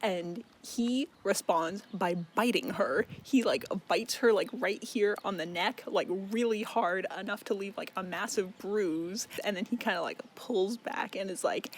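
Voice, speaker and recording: A man's voice: high-pitched, unhurried, hardly any pauses, a little hiss or hum. A young man recapping a book in casual chat, profane and exasperated, full of fillers. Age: young adult. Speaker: book vlogger.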